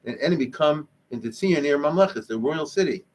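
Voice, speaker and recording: Husky-voiced rabbi giving an animated lecture. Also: male voice, a little high, fairly quick. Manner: animated, conversational teaching with Yiddish-Hebrew terms. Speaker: rabbi teaching Jewish history. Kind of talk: lecture explaining Hebrew liturgy.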